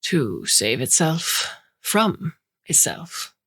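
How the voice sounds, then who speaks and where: A woman voicing an older silver-haired man with a faint Romanian accent who speaks in a slow, measured way. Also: low-pitched, big pitch swings, fairly bright tone, slightly rough, full character voice. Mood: musing.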